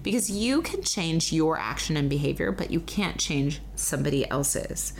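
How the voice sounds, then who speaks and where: Upbeat lady doing a solo parenting podcast, kinda low voice, slows way down to stress points. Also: lively intonation, creaky, slight background noise. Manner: upbeat, chatty, slows down for emphasis. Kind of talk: casual solo podcast talk.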